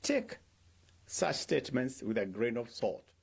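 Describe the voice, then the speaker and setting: Slow, lively-pitched middle-aged male pastor. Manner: rhetorical questions, acts out quoted speech. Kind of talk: devotional talk.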